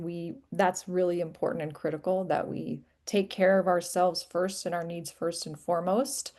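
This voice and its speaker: Woman moderator, lowish voice, affirming and encouraging host of panel. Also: dark tone. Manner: affirming, encouraging, reads audience questions. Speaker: webinar moderator.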